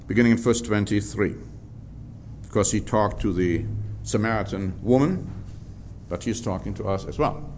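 A man preaching a Bible-teaching sermon in a measured, emphatic way, drawing out key words for stress. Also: medium pitch, a little hiss or hum.

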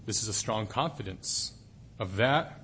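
A man's voice: fairly low pitch, lively intonation, measured pace, fairly bright tone, a little hiss or hum. A man preaching a sermon in a conversational way, asking the listeners questions and reading scripture. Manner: conversational, asks the audience questions.

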